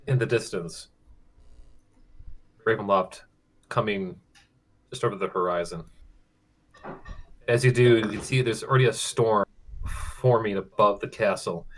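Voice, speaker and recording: A man with a fairly low, grounded voice narrates a tabletop adventure as the game master. He speaks in a measured, deliberate way and often stops to hesitate and gather his words. The delivery is unhurried scene-setting for his players.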